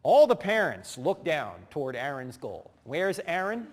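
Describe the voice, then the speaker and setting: A middle-aged man giving a humorous teaching talk, telling animated stories, acting out voices and laughing as he goes. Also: on the high side, unhurried. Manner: animated storyteller who acts out voices and laughs. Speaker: speaker. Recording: long hall reverb.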